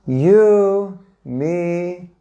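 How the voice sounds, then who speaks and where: Guy giving a spiritual talk, gravelly and kinda dark, keeps asking the room questions. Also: sits high, drawn-out words, lo-fi sound. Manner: conversational, asks the audience questions, acts out little scenes. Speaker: spiritual teacher. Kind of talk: informal lecture to a live audience.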